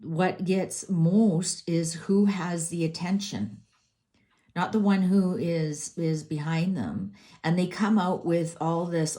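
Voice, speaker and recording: Middle-aged lady reading tarot, low mellow voice, fired up and ranting. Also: slow. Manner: heated, exasperated, with frequent restarts. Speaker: tarot reader.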